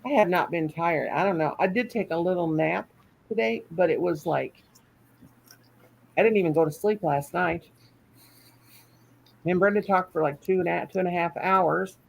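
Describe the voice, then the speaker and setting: A woman's voice: on the low side, vocal fry, a little mellow, rough recording. An older woman hosting a casual livestream at home, chatty and folksy, reading comments aloud and laughing often. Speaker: livestream host.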